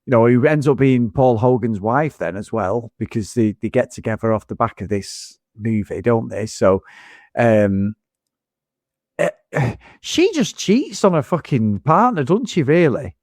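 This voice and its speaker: A man's voice: medium pitch, animated, measured pace, darkish tone, dry recording, clean studio sound. A man in casual film review chat, ranting with lots of swearing as a podcast co-host.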